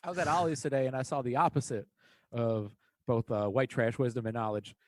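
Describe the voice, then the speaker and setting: A man's voice: medium pitch, fairly even intonation, a little fast, no room sound. A man co-hosting a casual podcast, rambling and swearing, acting out the people in his stories. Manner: rambling, profane, acts out quoted people in storytelling. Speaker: podcast co-host. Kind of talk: casual chat.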